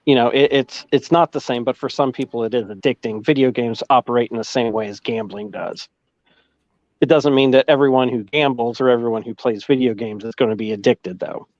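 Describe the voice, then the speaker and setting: A man's voice: mid-range voice, steady tone, fairly quick, darkish tone, dry recording. Man talking through a dull, dry line. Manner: reasoned, explains with examples. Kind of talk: casual panel chat. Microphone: headphones trouble, remote call.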